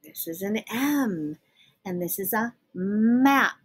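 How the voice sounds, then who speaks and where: A young woman teaching young children letter sounds, slowly and patiently sounding out each letter. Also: mid-range voice, animated, slightly rough. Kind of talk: phonics lesson for young children.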